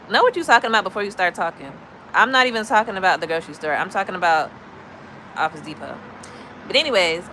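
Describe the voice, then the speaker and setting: A woman from Chicago tells blunt, gossipy stories to her livestream chat in a bright, forceful voice. Her delivery is animated and casual, speaking into a phone mic with faint outdoor traffic noise behind her. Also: medium pitch, rough recording. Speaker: livestream host. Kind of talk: casual storytelling to live chat.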